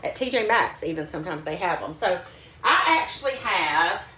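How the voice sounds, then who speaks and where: A woman's voice: fairly low pitch, animated, moderate pace, pushed and bright, slight background noise. A woman selling beauty products, talking casually and upbeat to her phone camera at home. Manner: chatty, upbeat, says "like" often. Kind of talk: casual vlog.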